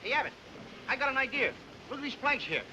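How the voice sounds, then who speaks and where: A man playing an excitable, childlike bumbler in a 1950s TV comedy, whiny and flustered, with a noisy old soundtrack. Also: very high-pitched, fast talker. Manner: whiny, flustered, breaks into bird calls. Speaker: comedian in a sitcom.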